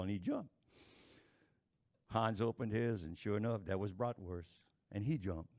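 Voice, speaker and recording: A man telling folksy jokes to a live audience, chuckling at his own punchlines in an unhurried drawl. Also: fairly low pitch, darkish tone. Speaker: stand-up storyteller.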